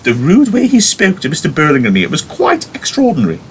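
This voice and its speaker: A man's voice: fairly high pitch, wildly swooping pitch, fast, a little hiss or hum, pitched above the performer's own voice. A man reading the part of a haughty, snobbish upper-class mother, prim and superior in tone.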